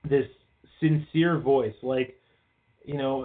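A man's voice: on the high side, moderate pace. A man co-hosting a podcast in casual, rambling chat, swearing freely and leaning on "like" a lot. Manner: rambling, swears often, leans on "like". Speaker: podcast co-host. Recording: tinny phone-like line.

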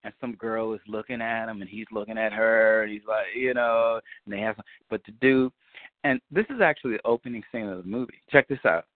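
A man on a community call, telling a long story in a loose, profane way and acting out scenes with high-pitched quotes. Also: steady tone, a little fast, no echo. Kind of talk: animated storytelling chat. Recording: dry, phone-like line.

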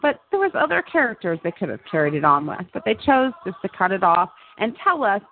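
On a dry, tinny line that sounds like a phone, a female show host talks casually about TV, laughing a lot and repeating words. Her mid-range voice is sing-song and brisk, with a touch of background noise.

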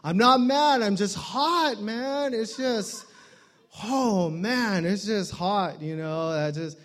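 A man's voice: high voice, slow, fairly bright tone. A man, a guest pastor opening his sermon with jokes and playful put-on voices. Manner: joking, playful, does voices and accents.

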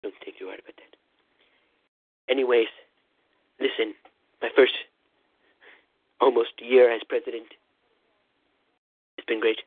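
A man doing a comic impression of a rambling, boastful male president, calling in over a phone line with a husky voice. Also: mid-range voice, steady tone, a little slow, long pauses, dry recording. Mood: blustering. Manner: rambling, repetitive "listen", boastful bluster. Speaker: comedy caller. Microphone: phone call-in. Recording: tinny phone line, dry.

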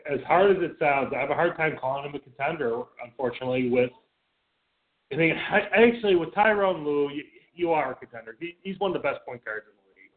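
A man's voice: on the high side, fast talker. A man co-hosting a radio show, talking sports in a blunt, profane way with many stammered restarts. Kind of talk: casual sports talk. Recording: phone-like lo-fi sound.

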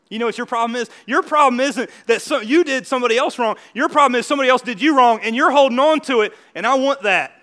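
A man pastor giving a lively, conversational sermon, laughing often and building to emphatic points. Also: very high-pitched, quick pace.

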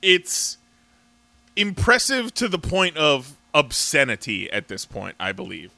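A man co-hosting a podcast teases his friends in a bright, forceful voice. His pitch swings widely and runs a little high, and the sound is dry and close. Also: wildly swooping pitch, a little slow, creaky, no room sound. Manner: teasing, laughing. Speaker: podcast co-host. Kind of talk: casual chat.

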